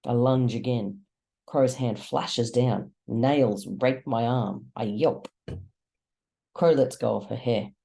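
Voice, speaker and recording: Audiobook reader, slow and measured, gravelly dark tone, first-person narration. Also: mid-range voice. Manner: slow, measured, dramatic pauses.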